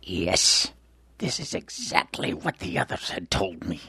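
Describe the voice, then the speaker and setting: A man's voice: low-pitched, very animated, gravelly, pushed and bright, slightly rough, no room sound, clean studio sound, exaggerated voice. A man doing a cold, menacing giant of an attacker. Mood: taunting. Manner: slow, deliberate, menacing. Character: huge menacing male attacker, cold and taunting.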